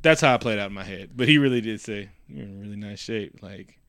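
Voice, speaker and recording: A man's voice: on the low side, fairly quick, fairly bright tone, smooth, no echo. A middle-aged man from the Bay Area, co-hosting a casual, profane comedic chat, rambling and laughing often. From San Francisco Bay Area. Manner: loose, rambling, laughs a lot, swears freely. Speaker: podcast co-host.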